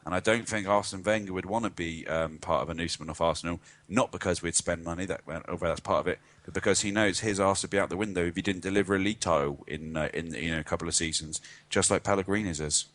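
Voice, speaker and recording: Deep-voiced guy rattling off opinions on a footy podcast, talks quick. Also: fairly even intonation, fairly bright tone. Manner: opinionated, rambling with fillers. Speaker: podcast co-host. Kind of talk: casual sports podcast opinion.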